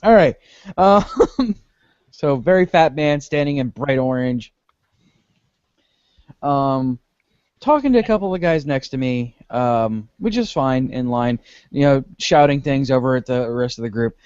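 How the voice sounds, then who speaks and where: A man hosting a podcast, telling a convention story in a lively way, acting out the lines of the people in it. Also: medium pitch, measured pace, clean tone, no room sound, muffled recording. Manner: animated storyteller acting out dialogue, laughing often. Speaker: podcast host. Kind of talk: casual anecdote telling.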